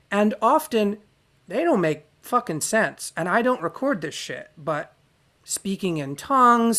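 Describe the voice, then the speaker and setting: A man's voice: high voice, fairly bright tone. A man holding forth alone in an unscripted monologue. He swears freely and rants bluntly. His thoughts wander and restart as he works them out aloud. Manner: profane, ranting, frank; wandering, self-correcting delivery. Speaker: podcast host.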